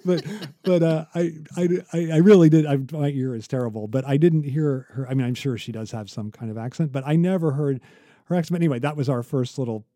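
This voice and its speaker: A man co-hosting a conversational academic podcast, telling stories with many halting restarts. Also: mid-range voice, mellow, no room sound, clean studio sound. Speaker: podcast co-host.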